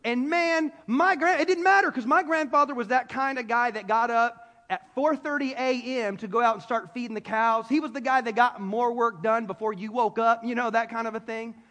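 A man from South Carolina preaches to a gathered crowd in a very high voice. He tells the story with animated, playful energy and slips into character voices. A long reverb from the hall trails after each phrase. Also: normal speed, hardly any pauses. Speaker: pastor. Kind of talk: sermon. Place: large hall before an audience.

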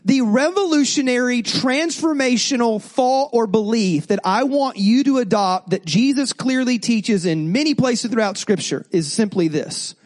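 Male pastor, high-pitched, lively storytelling sermon with congregation call-outs. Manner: animated storytelling with asides to the congregation.

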